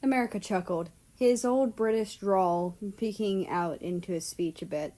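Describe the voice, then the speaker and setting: A woman's voice: medium pitch, moderate pace, dark tone. A woman narrating fanfiction aloud in a casual reading style with the odd swear. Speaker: fanfiction reader. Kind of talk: storybook narration.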